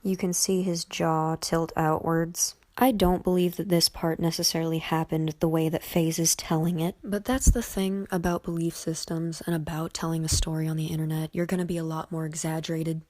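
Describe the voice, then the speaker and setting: Woman, voice-over commentary, analytical, measured, slightly low voice, soft whispery asides. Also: level tone. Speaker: YouTube commentator on body language.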